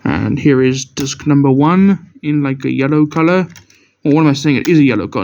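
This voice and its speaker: Here a young man of medium pitch, speaking a little fast with vocal fry and a slightly mellow tone, shows off his DVDs in casual show-and-tell fashion. He rambles and fixes his stumbles as he goes, recorded on dull lo-fi camera audio with slight background noise.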